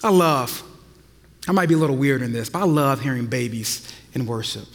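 A man preaching a sermon as pastor, swinging between loud passionate stretches and hushed, drawn-out lines. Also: medium pitch, lively intonation. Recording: long reverb of a large hall.

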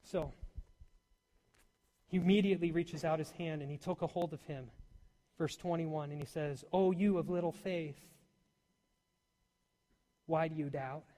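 High-voiced preacher in an echoing hall. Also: male voice, steady tone, unhurried, pauses often. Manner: rises to loud emphatic peaks, drops to soft near-whispers. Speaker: pastor. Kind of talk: sermon. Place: church hall. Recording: long hall reverb.

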